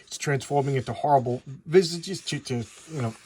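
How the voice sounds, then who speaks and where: A man's voice: mid-range voice, fairly quick, a little mellow, a little hiss or hum. A man giving a casual, chatty comic book review, rambling through the story with frequent restarts.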